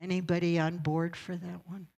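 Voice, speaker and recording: A woman's voice: lowish voice, level tone, normal speed, gravelly, mellow, rough recording. A woman pastor giving a sermon, telling a story in a conversational way and checking in with her congregation.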